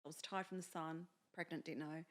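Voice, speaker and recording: A woman's voice: sits low, a little fast. Chatty young woman telling a story. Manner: chatty, animated, acts out quoted dialogue. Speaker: podcast co-host. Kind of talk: casual chat, personal storytelling.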